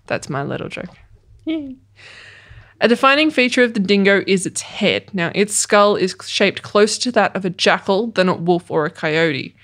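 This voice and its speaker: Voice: medium pitch, fairly bright tone. A podcast co-host, reading notes aloud and joking, with frequent swearing. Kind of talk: casual chat reading facts.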